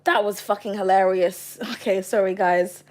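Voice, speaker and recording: A woman's voice: mid-range voice, fairly even intonation, moderate pace. A young woman hosting a live tarot reading, chatting casually as she reads comments, laughing often and swearing freely. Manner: giggly, swears freely, loud outbursts.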